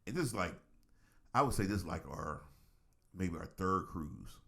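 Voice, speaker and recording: A middle-aged man, a reverend co-hosting a talk show, telling stories in a casual, animated way with frequent laughs. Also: low voice, moderate pace, vocal fry. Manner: animated storyteller, laughs often, acts out voices. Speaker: co-host, reverend. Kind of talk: casual chat.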